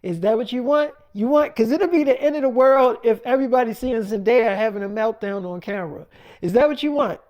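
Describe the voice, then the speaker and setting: A man's voice: very high-pitched, fairly quick, darkish tone. A man voicing a jealous young woman who furiously confronts her boyfriend, blunt and profane. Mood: angry.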